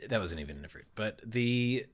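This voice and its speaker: A man's voice: lowish voice, lively intonation, brisk. A man co-hosting a podcast, casually retelling a film's plot in rambling starts and stops. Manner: rambling, restarts a lot. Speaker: podcast co-host. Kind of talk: casual chat recapping a film.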